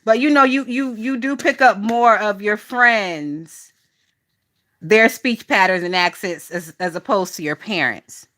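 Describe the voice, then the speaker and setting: Woman, gossip streamer, bright and punchy voice, swears freely, laughs a lot. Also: mid-range voice, a little slow. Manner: chatty, profane, laughs often, talks to chat. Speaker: gossip channel host. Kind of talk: casual livestream gossip chat.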